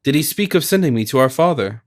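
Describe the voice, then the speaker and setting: A man's voice: fairly high pitch, lively intonation, quick pace, natural voice. A man doing a trembling young girl. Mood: pleading. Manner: trembling, pleading. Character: delicate, frightened young woman, younger sister.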